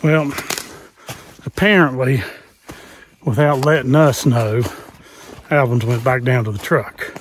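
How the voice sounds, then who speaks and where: A man's voice: medium pitch, slow, pauses often, slight background noise. Man on a mountain trail. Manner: earnest, talks while hiking, repeats safety advice. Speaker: channel host. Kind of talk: outdoor vlog talk. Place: outdoors on a wooded mountain. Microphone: handheld cell phone.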